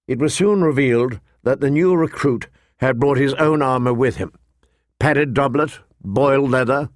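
A man narrating a fantasy novel in a measured storytelling manner, voicing the characters. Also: medium pitch, dry recording, clean studio sound. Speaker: audiobook narrator. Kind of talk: scripted narration.

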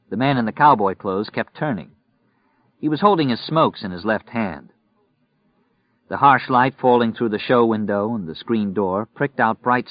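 Low-voiced man narrating steadily. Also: no room sound. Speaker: audiobook narrator. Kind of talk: scripted narration. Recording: dry, muffled recording.

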